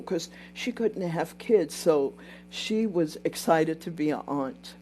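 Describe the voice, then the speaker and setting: A woman's voice: deep voice, expressive, slow pace, dark tone, soft background music. An older woman hosting a casual livestream, telling a story in a chatty way, repeating herself and breaking off to thank and answer viewers. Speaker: livestream host.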